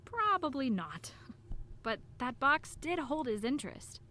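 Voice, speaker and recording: A polite young amateur sleuth asking careful questions in a game. Her voice sits a little high. A faint hiss lies behind it. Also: big pitch swings, measured pace, pushed and bright, heavily acted. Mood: curious. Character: young woman amateur detective, polite and dry. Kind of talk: game voice acting.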